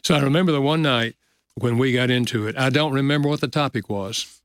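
An older man, a guest author, telling a personal story in an earnest, gentle way with frequent soft chuckles. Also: medium pitch, fairly quick, dry recording, clean studio sound. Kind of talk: reflective storytelling interview.

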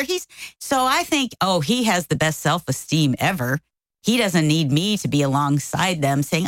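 A middle-aged woman tells a story to her co-host in casual chat, acting out each quote. Her voice sits a little low but swings widely up and down. The sound is dry and close to the mic. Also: moderate pace, no room sound, low-quality recording. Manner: animated, acts out quotes with big pitch jumps.

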